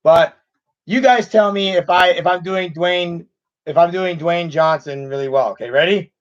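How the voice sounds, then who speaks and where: A man's voice: high-pitched, normal speed, muffled recording. A man in his thirties chatting casually as a host answering viewer questions, rambling with restarts. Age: 30s. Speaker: channel host. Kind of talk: casual live Q&A chat.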